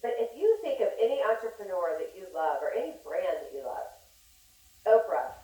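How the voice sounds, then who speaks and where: A woman giving a motivational talk to a live audience as a business coach, animated and acting out dialogue, often asking "right?". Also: mid-range voice, normal speed. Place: large hall with an audience. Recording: echoey hall, voice from far off.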